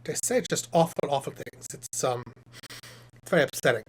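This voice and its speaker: A man voicing a chatty, self-satisfied male puppet professor who hosts a live stream, reading chat questions aloud and rambling through them with deadpan jokes. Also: a little high, normal speed, noisy background, natural voice.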